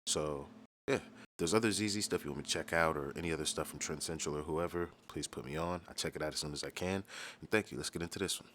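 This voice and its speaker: A man hosting a reaction video, talking in a relaxed, joking, profane way. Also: low-pitched, a little hiss or hum. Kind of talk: casual reaction commentary.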